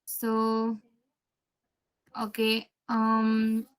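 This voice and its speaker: A woman's voice: on the high side, completely flat delivery, drawn-out words, clear, resonant tone. A woman teaching a live programming class, repeating key steps and quizzing her students as she goes. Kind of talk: live coding lesson.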